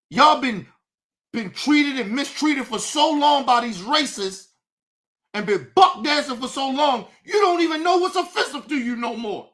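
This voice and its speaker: A man hosting his own show, delivering an impassioned, profane commentary rant that swings between shouting and low, intense talk. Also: lively intonation, unhurried. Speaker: show host.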